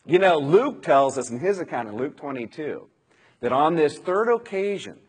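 Man, preacher, husky, high pitch, conversational sermon. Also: very animated, normal speed. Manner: conversational, dramatizing scripture, rhetorical questions.

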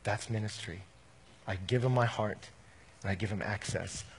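A man's voice: lowish voice, normal speed, a little hiss or hum. A man, a campus minister, preaching a sermon in a conversational, emphatic way.

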